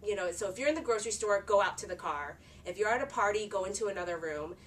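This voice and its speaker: A chatty woman in her thirties shares parenting advice in an earnest, easygoing way. Her voice sits at a middle pitch and comes from a little way off the mic. A faint hum of background noise runs underneath. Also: quick pace, distant mic. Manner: chatty and earnest, with filler words. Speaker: parenting vlogger. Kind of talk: casual talk to camera.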